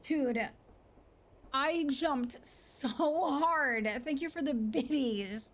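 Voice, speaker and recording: A woman streamer giving excitable live game commentary, swearing and laughing often. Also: high voice, extremely slow.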